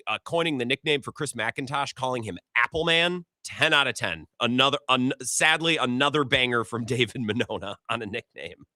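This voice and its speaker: A man hosting a sports talk radio show, chatting casually with callers in an animated, rambling way with quick restarts. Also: medium pitch, dry recording, clean studio sound.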